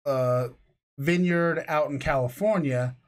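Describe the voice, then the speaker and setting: A man with a slightly high voice co-hosts a casual podcast. He rambles through tangents and jokes and laughs at his own asides. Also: slow. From lived in Florida. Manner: rambling, jokey, laughs often. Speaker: podcast co-host. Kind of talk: casual chat.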